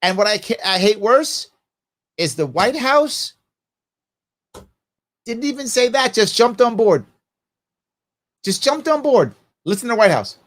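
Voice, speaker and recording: A man's voice: high-pitched, measured pace, pauses often. A middle-aged man hosting a live political commentary show, arguing his point with lots of rhetorical questions. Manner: animated, argumentative, peppered with rhetorical questions; acts out quoted voices mid-rant. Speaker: host.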